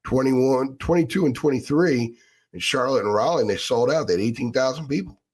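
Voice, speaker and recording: A man's voice: medium pitch, a little fast, darkish tone, slightly rough. A middle-aged man co-hosting a casual sports podcast, talking with wry, nostalgic, grumbling humor. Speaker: sports reporter and co-host.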